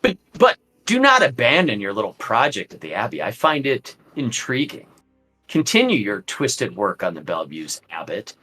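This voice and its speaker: A man's voice: on the low side, huge pitch swings, normal speed, bright, forceful tone, husky, faint music behind, full character voice, low-quality recording. A man voicing a scornful aristocratic male vampire lord, speaking in a cold, mocking, theatrical way.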